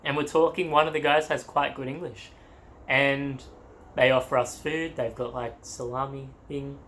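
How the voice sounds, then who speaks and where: Young man, Australian accent, casual travel storytelling, animated, acts out quotes. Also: medium pitch, normal speed, a little hiss or hum. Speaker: travel vlogger.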